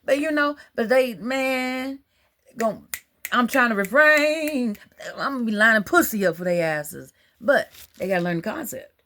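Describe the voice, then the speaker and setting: A woman, talking in a rambling, animated, colloquial monologue about religious ideas. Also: fairly high pitch, unhurried. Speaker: religious vlogger. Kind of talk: casual monologue.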